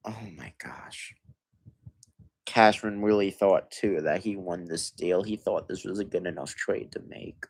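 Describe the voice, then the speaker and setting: A hoarse young man ranting as a sports livestream host, stammering and sighing, swinging between muttered complaints and loud outbursts. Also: deep voice. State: hoarse from yelling. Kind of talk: frustrated fan rant on a livestream.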